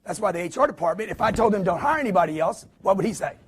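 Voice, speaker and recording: A man giving a live motivational sales talk to an audience, emphatic and preachy, with punchy repetition and quick acted-out quotes. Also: high voice, lively intonation, slight background noise. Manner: acts out quotes in put-on voices.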